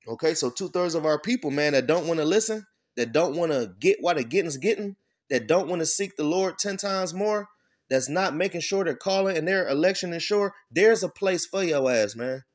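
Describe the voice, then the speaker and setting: A man's voice: fairly high pitch, animated. Blunt, profane man preaching scripture. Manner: blunt, profane, keeps checking in with "all right?" and "man"; reads verses slowly, then breaks them down. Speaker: scripture teacher. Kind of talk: informal sermon with scripture reading.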